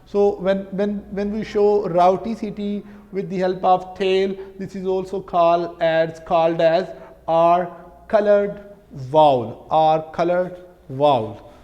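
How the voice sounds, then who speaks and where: A man with a Pakistani English accent explains a lesson at a slow, careful pace. His voice sits fairly high for a man, and he repeats words and checks in with his listeners. The sound carries a long reverb, like a bare room. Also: steady tone, darkish tone, dull audio. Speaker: linguistics teacher. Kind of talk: recorded lecture.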